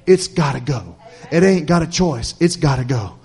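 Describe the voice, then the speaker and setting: A man, his voice sitting a little on the higher side, preaches in a rolling, repetitive cadence. He keeps checking in with the congregation and swings between booming emphasis and near-whispered tenderness. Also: sing-song, moderate pace, few pauses, breathy edge. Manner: preacherly, repetitive cadence with call-and-response "Amen?"; swings from loud emphatic lines to soft hushed ones. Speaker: pastor. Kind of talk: sermon.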